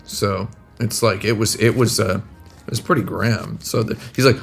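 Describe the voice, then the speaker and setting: A man's voice: fairly low pitch, normal speed, creaky, slightly rough, faint music behind. A man casually telling stories on a live stream from a hotel room, rambling and restarting, often laughing at his own jokes, recorded on a laptop mic. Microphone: laptop microphone.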